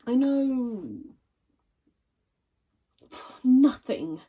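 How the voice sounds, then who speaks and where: A sardonic young woman in her twenties delivers a stage monologue full of dry, crude asides. Her voice is dark and a little husky. She sounds a touch distant from the mic. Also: sits high, drawn-out words, full character voice. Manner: wry, deadpan, crude asides. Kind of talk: theatrical monologue.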